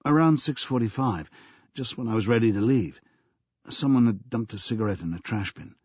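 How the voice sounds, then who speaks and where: Man reading a jittery young businessman, hesitant, husky, dry and dull sound. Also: medium pitch, moderate pace, a little mellow, dry recording, lightly acted. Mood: explaining. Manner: hesitant, stumbling answers. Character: young male tech tycoon, nervous and evasive.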